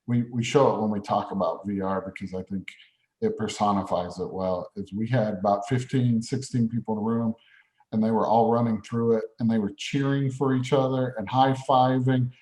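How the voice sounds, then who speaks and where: A man's voice: fairly low pitch, steady tone, moderate pace, a little mellow, roomy sound, low-quality recording. A man co-hosting a podcast, upbeat and chatty as he tells a story. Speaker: podcast co-host. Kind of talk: casual chat.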